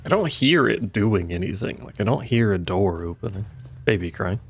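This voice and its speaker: A man's voice: on the low side, expressive, moderate pace, a little hiss or hum. A man streaming a video game, chatting casually with his viewers and muttering to himself as he plays. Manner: casual, swears now and then. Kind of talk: live gameplay commentary.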